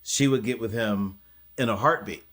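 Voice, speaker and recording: A man's voice: fairly low pitch, moderate pace, fairly bright tone. A man co-hosting a podcast, chatting casually about a reality show, joking and laughing at his own bits. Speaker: podcast co-host. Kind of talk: casual reality TV recap chat.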